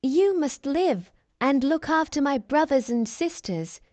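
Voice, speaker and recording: A woman's voice: sits high, expressive, unhurried, darkish tone, dry recording, voice pushed up. A woman voicing a kind, brave young heroine in a storybook reading, with an earnest lifted tone.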